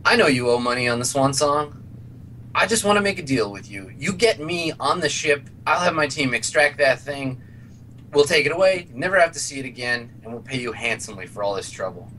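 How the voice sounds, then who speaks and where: A man voicing a calm, menacing male fixer in a tabletop game, speaking in a measured, quietly threatening way. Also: mid-range voice, recorded from a distance, a little hiss or hum. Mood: persuasive.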